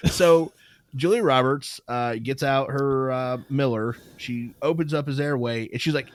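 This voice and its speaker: A man co-hosting a podcast, reviewing a movie in casual chat, animated and laughing often, with casual swearing. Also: medium pitch, a little slow, no room sound. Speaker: podcast co-host.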